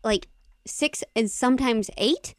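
Female co-host, playful, slightly high voice, dry mic. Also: measured pace, dry recording. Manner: playful, giggly. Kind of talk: casual comedy podcast chat.

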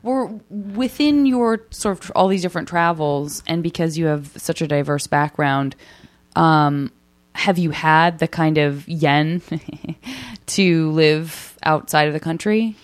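A woman's voice: low-pitched, slow, no room sound. A woman hosting a casual podcast interview, playful and joking, with rambling questions. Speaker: podcast host.

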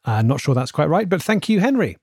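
Brief: a man playing a hesitant interviewer, slightly high voice, dry close mic. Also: very animated, brisk, gravelly, a little mellow, husky, no room sound, heavily acted. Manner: hesitant, polite, probing. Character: earnest male radio-style interviewer. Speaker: interviewer, presenter. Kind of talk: scripted comedy podcast.

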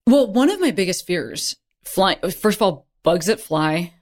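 A woman hosting a podcast, talking in a soft-spoken, hesitant way with many fillers. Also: on the low side, lively intonation, measured pace. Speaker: podcast host. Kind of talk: casual conversation.

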